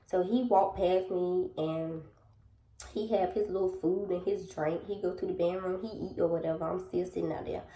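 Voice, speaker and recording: Young woman vlogger, lowish voice, chatty storytime delivery straight to camera, roomy echoey room. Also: fairly even intonation, normal speed, warm tone. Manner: chatty, addresses viewers directly, acts out dialogue. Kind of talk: casual storytime chat.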